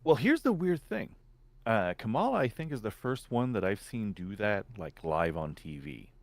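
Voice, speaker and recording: A man from Canada with a low, deep voice talks bluntly and drily in casual banter, often restarting mid-phrase. The sound is close and dry, with no room around it. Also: very animated, moderate pace, no room sound.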